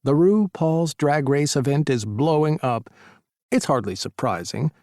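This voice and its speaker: A man narrating a first-person romance audiobook in a steady storytelling manner. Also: a little high, unhurried, no room sound, studio quality.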